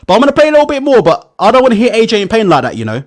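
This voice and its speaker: Casual guy doing reaction commentary, high voice, swings up and down a lot. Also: very fast. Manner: animated, mock-emotional, laughs a lot. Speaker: reaction video host.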